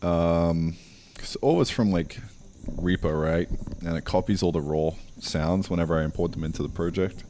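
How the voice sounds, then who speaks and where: A man's voice: low-pitched, normal speed, warm tone, a little hiss or hum. A man thinking aloud in casual live-stream chat while he programs, mumbling along with fillers.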